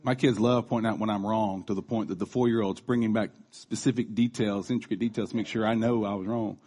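A man's voice: fairly low pitch, fairly even intonation, fast, a little mellow. A man in his thirties giving a casual, conversational sermon, chatty, with restarts and asides. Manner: acts out quoted voices. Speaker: preacher.

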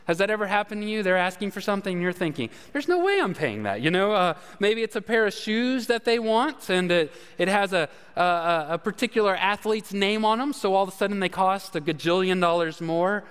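A man with a high, smooth and resonant voice gives a sermon as a folksy, self-deprecating story. He fills it with fillers and "all right?" asides. His voice rings out with a long reverb, as in a large sanctuary. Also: steady tone, a little fast, few pauses, fairly bright tone. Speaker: pastor.

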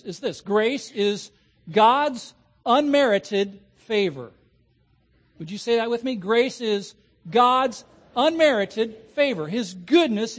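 Male pastor, sermon delivery, high voice, leans on key words slowly, draws in the room with questions. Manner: asks the congregation questions, slows down to stress key words.

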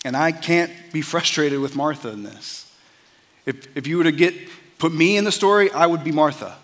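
A man's voice: fairly high pitch, moderate pace, fairly bright tone, big-room sound. A man preaching a sermon as a pastor, earnest and conversational, often repeating words as he starts a phrase.

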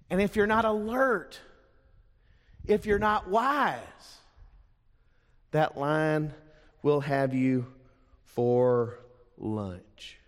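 A man preaching a sermon as pastor, emphatic, with dramatic pauses on key words. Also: on the high side. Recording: long reverb of a large hall.

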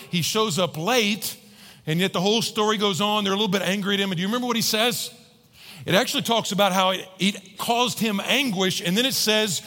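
A man preaching a sermon to a large congregation, animated, often acting out voices and joking with the crowd. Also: high voice, moderate pace. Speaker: pastor. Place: large church hall with about fifteen hundred people. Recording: long hall reverb.

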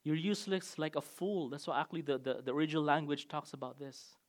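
Pastor, male, high voice, preaching a sermon with emphatic bursts that drop to quiet asides. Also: fairly even intonation, quick pace. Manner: emphatic preaching with sudden swings in loudness.

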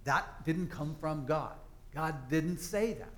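Pastor guy preaching, chatty storyteller, voice a bit on the high side. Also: takes it slowly. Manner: conversational, folksy storytelling. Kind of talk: sermon. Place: church service.

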